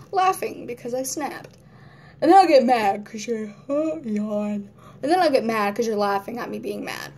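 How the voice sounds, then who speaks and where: A woman's voice: on the high side, a little mellow, a little hiss or hum. A woman vlogging at home in casual chat to camera, rambling, laughing often and acting out moods in quoted voices.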